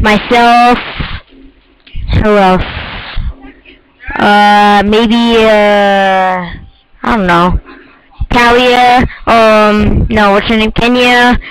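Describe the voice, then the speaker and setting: A man's voice: high voice, fairly bright tone, a little hiss or hum, poor audio. A teenage boy rambling and joking through casual let's-play commentary of a horror game. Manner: goofy, rambling, jokey. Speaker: gamer.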